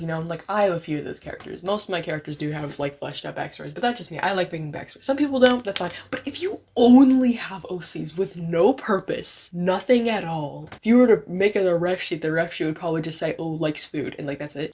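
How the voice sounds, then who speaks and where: A woman's voice: on the low side, darkish tone, slight background noise. A woman art vlogger in a casual ranting commentary, profane and exasperated, with lots of "like" fillers.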